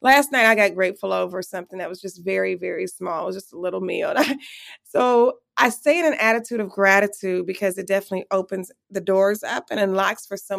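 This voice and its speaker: A middle-aged woman telling a lively personal story as an interview guest, acting out the voices she quotes. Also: mid-range voice, vocal fry. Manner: animated, acts out quoted voices.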